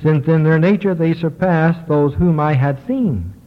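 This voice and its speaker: A man reading the words of Adam, the first man, in a solemn, slow voice. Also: fairly high pitch, pitched above the performer's own voice, close to an everyday voice. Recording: tinny lo-fi recording, long hall reverb.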